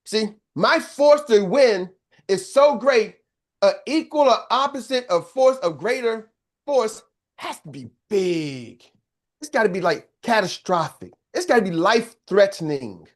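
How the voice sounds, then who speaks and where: A man's voice: high-pitched, expressive, a little slow. Older guy coach preaching business mindset, punchy and emphatic, keeps asking if folks are with him. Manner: emphatic, preacher-like, checks in with the audience. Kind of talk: motivational coaching talk.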